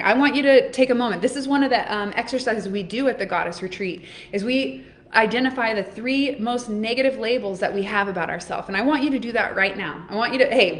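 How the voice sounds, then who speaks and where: A woman in her thirties hosts a live-streamed oracle card reading, speaking directly to her viewers in an upbeat, encouraging, motivational way. Her fairly high voice has a fairly bright tone and a fast pace.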